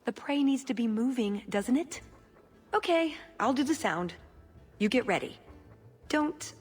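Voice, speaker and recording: A woman's voice: on the high side, lively intonation, measured pace, darkish tone, breathy edge, faint music behind. A sardonic female rogue. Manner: dry, sardonic. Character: wry sharp-tongued female rogue.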